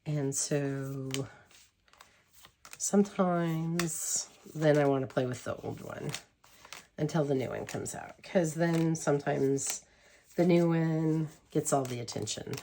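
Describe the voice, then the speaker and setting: Giggly low-voiced woman gushing. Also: slow pace, dark tone, a little hiss or hum. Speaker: tarot deck reviewer. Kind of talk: casual chat to camera.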